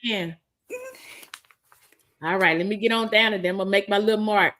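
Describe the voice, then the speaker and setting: Woman, lively, bright tone, reads chat aloud, casual live-stream co-host. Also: medium pitch, brisk. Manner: lively, laughs often, reads chat aloud with warm greetings.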